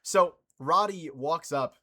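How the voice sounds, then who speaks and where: A man's voice: a little high, takes it slowly, sharp tone. A man giving casual reaction commentary on a TV episode, exasperated and swearing, often trying to compose himself after fits of laughter.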